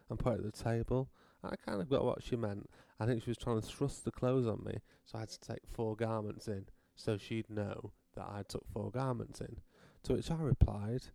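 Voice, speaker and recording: A British man with a low, gravelly voice rambles through a comic rant, dry and sardonic, cursing casually as he wanders off on tangents. The sound is close and dry, with a mellow, dark tone. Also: fairly even intonation, normal speed, hardly any pauses, no room sound. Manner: rambling, sardonic, swears freely. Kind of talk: comedic rant monologue.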